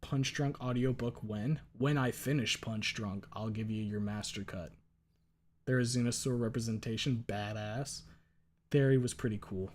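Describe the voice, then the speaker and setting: With a mid-range voice at normal speed and a bit of background noise, this male streamer chats loosely as his stream ends. He cracks jokes, curses without restraint, and reads out what viewers type in chat.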